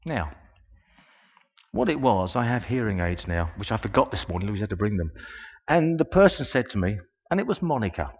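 A man's voice: fairly low pitch, a little fast, breathy edge. Older man preaching in an echoing hall. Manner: animated storytelling, acting out quoted voices. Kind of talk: sermon. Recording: dull sound in a long-reverb hall.

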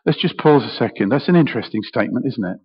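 A man's voice: mid-range voice, animated, fast talker, husky. A middle-aged British man preaching a sermon, emotional and passionate, often repeating words as he goes. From Britain. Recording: echoey hall, dull sound.

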